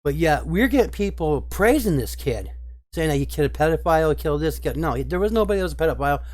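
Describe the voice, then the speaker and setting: Guy ranting to his viewers, kinda high voice, upset and emphatic, dry close sound. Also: animated, fast talker, no room sound. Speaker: video commentator. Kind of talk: casual spoken commentary.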